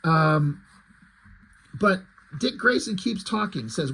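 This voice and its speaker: A man's voice: high voice, expressive, unhurried, sharp tone, breathy edge. A man reviewing comics in casual, profane, self-deprecating commentary that rambles.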